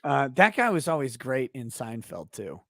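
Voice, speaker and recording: A man's voice: mid-range voice, big pitch swings, moderate pace, gravelly, bright, forceful tone, no room sound, studio quality. A man hosting a live-stream interview, chatting casually, laughing often and reading out viewer comments. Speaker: host.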